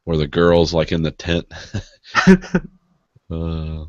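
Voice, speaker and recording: A man co-hosting a podcast in casual banter, deadpan and self-mocking, laughing at his own jokes. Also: extremely low pitch, slow, no echo, lo-fi sound. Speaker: podcast co-host.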